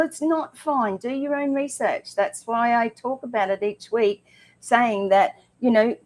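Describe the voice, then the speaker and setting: A woman co-hosting a casual health talk show, chatty and emphatic with frequent ums. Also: on the high side. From Australia.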